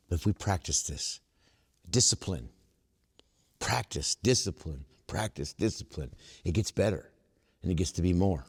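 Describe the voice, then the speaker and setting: A man addresses a twelve step workshop in a low, earnest voice, slowing down to dwell on key lines the way a preacher does. The sound carries a long reverb from the meeting hall around him. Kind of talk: recovery workshop talk.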